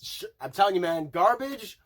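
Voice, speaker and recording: A man's voice: sits high, lively intonation, moderate pace. A man chatting casually through an album review, rambling and profane, often laughing and singing along to lyrics. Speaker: music reviewer.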